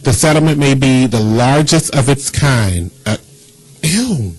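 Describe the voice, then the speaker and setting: Male internet radio host, animated, jokey, casual studio banter. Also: mid-range voice, unhurried, husky, poor audio. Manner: joking, banters with callers.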